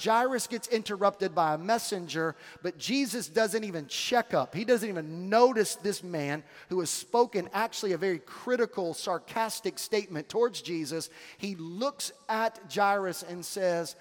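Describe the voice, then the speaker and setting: A man preaching an emphatic sermon and calling out to the crowd for amens. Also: high voice. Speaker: camp preacher. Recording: long hall reverb.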